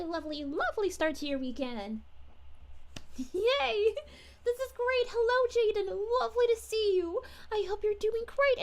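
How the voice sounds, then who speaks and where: Brief: sweet bubbly young princess, woman voicing, very high and sing-song, livestream chat in character. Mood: cheerful. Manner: gushing, sing-song greetings to viewers. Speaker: VTuber streamer.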